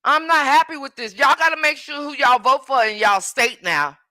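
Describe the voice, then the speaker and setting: Lady going live on her phone at home, bright tense voice, dry close sound, keeps repeating herself and calling out commenters. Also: sits high, moderate pace, no echo. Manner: emphatic, repeats herself, talks back to commenters. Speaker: live streamer. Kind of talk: casual live-stream chat. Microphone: phone livestream.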